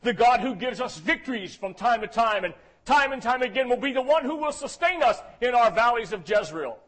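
High-voiced preacher. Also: male voice, lively intonation, brisk. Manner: dynamic preaching, swinging from soft and low to loud and shouting; calls for "Amen?" responses. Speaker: pastor. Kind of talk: sermon.

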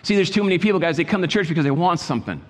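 A man preaching a sermon in an exhorting manner, repeating his phrases and moving between quiet asides and loud calls. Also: fairly high pitch, lively intonation, rapid-fire, long reverb tail. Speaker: pastor.

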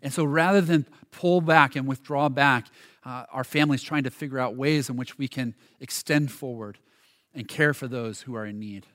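A man preaching a sermon as a pastor, earnest and halting, often restarting his words and shifting between quiet and louder passages. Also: medium pitch.

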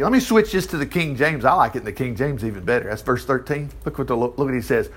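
A man's voice: mid-range voice, sing-song, a little fast, hardly any pauses, fairly bright tone, breathy edge. A man leading an informal Bible study, reading passages aloud and breaking in with chatty asides and rhetorical questions. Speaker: Bible teacher.

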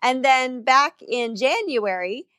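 A young woman with a fairly high voice talks casually and laughs easily, then prays in an earnest, reflective way. The sound is dry and close, with no room around it. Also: animated, slow pace, pushed and bright, no echo. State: newly engaged. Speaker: co-host leading prayer. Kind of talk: casual chat and spoken prayer.

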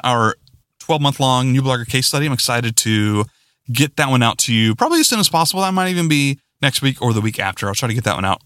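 Excitable male podcast host, lively pitch, dry close-mic sound, rambling and self-deprecating. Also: dry recording. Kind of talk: casual solo podcast sign-off.

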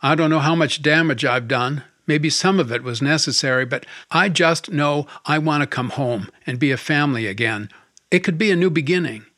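A man's voice: a little high, moderate pace, a bit bright, no room sound, studio quality, close to an everyday voice. A man voicing an injured, contrite husband in an audiobook, earnest and plainspoken. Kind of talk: audiobook character voice.

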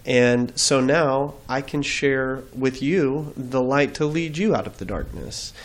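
A man speaks as a guest in an interview. He talks earnestly and reflectively, with a mid-pitched voice, recorded on a studio mic. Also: slow. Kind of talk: faith interview storytelling.

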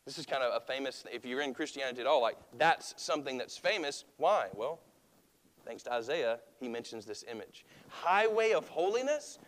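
A man preaching a sermon in a relaxed, conversational way, often asking his listeners rhetorical questions. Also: fairly high pitch, big-room sound. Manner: opens with a hushed prayer. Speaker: pastor.

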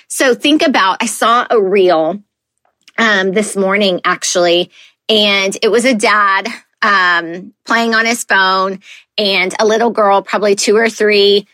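A woman's voice: mid-range voice, slow pace, pushed and bright, dry recording. Woman podcast host in her thirties: chatty, earnest, loose with fillers, on a close, dry mic. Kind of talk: casual solo podcast talk.

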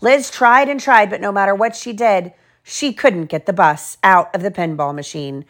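With a mid-range voice, a mother reads a children's picture book aloud at home. She goes slowly and clearly, pausing for little remarks to her kids.

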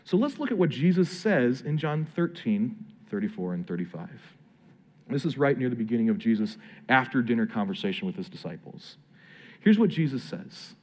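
A man, a pastor, preaching a sermon in a conversational, earnest way, slowing down for emphatic phrases. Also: mid-range voice, sing-song, muffled recording.

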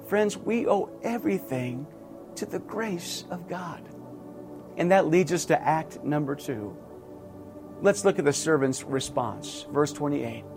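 Casting: male pastor, middle-aged, high voice, earnest repetitive sermon delivery, soft music underneath. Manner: earnest preaching with emphatic repetition.

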